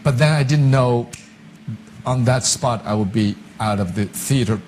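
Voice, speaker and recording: A man's voice: medium pitch, measured pace, slight background noise, low-quality recording. A man with a Chinese accent, a stage actor telling stories in an interview, acting out what people said and chuckling. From China. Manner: lively anecdotes, acting out quoted voices, chuckling. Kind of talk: interview storytelling.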